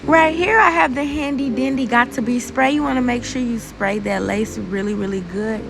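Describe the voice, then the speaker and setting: A woman's voice: fairly high pitch, normal speed, gravelly, music in the background, low-quality recording. A young woman chatting informally through a hair tutorial voice-over, using casual slang and talking straight to her viewers. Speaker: beauty vlogger.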